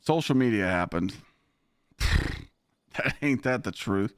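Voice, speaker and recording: Profane, animated male gaming streamer. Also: fairly low pitch, slow, smooth, dry recording, studio quality. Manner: profane, ranting, laughing. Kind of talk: casual live-stream chat.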